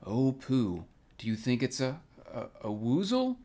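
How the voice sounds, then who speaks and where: A man voicing a small, timid male piglet who talks in anxious, hurried excuses. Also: medium pitch, sing-song, creaky.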